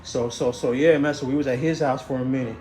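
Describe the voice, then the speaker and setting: A man's voice: mid-range voice, steady tone, fast talker, a little mellow. A man, telling a story in a rambling way, stammering and restarting, saying "you know what I'm saying" over and over. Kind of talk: casual storytelling. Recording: echoey room, faint noise.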